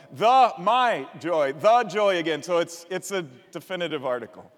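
A male pastor with a fairly high voice teaches his congregation from slides, lively and explaining as he goes. His voice carries a long reverb from a big hall. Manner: animated, explaining, invites congregation to repeat words.

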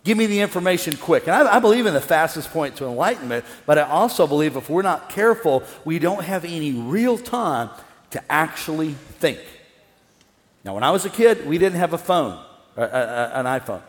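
Middle-aged pastor preaching in an echoing hall. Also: male voice, on the high side, moderate pace. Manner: animated, swinging from loud excitement to hushed calm. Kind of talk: sermon. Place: large church hall with an audience. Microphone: wireless stage mic. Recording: long hall reverb.

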